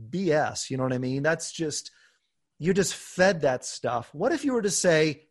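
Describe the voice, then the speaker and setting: A man hosting a podcast, talking earnestly and openly about his own life, with bursts of laughter and animated emphasis. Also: on the high side, moderate pace. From United States. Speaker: podcast host. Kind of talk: conversational podcast talk.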